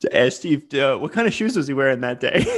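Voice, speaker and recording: A man's voice: mid-range voice, big pitch swings, moderate pace. A man co-hosting a podcast, laughing often and teasing his friend. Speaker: podcast co-host. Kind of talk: casual podcast chat.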